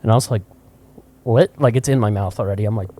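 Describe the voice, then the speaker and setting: Talking very fast in a lowish voice, this podcast co-host swaps stories and laughs a lot during a relaxed chat. The conversation takes place in a cigar shop, and he tells his stories with lively energy.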